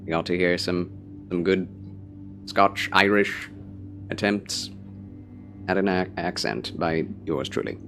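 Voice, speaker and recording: Slow, low-voiced male game streamer. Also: a bit bright, faint music behind. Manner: theatrical, chatty, talks to viewers. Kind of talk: casual live-stream chat.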